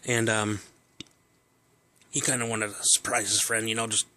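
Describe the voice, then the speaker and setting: A man's voice: on the low side, level tone, moderate pace, sharp tone, a little hiss or hum. Rambling man telling a family story. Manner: rambling, many fillers and restarts. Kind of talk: casual personal anecdote.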